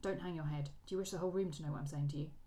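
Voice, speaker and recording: A woman reading the lines of a cold, proud Regency gentleman, in a quiet, clipped delivery. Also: sits low, steady tone, very fast, a little hiss or hum, lightly acted, low-quality recording.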